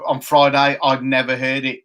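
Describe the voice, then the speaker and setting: A man's voice: medium pitch, monotone, moderate pace, fairly bright tone. A man in his fifties co-hosting a casual live chat show, chatty and jokey as he reads out viewer comments. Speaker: co-host.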